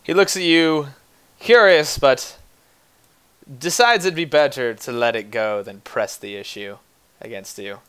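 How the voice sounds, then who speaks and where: A man's voice: medium pitch, a little slow, fairly bright tone, clear, resonant tone. A man narrating a tabletop game as game master, in a casual, rambling way with fillers.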